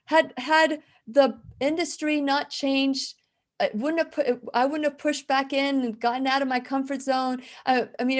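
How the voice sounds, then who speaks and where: A woman in her fifties with a slight lisp, hosting a faith-based live talk show, telling earnest stories and reading viewer comments with frequent restarts. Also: sits high. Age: 50s. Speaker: radio show host.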